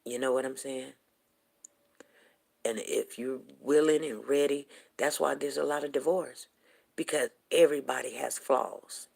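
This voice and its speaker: A woman in her forties hosting a show, telling a long personal story to her viewers in a chatty, animated way with quick laughs. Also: extremely low pitch, creaky. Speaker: show host.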